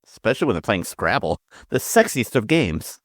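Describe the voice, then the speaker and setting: A man's voice: lowish voice, big pitch swings, moderate pace, no echo, studio quality. A man co-hosting a podcast in casual, jokey chat, laughing often. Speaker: podcast co-host.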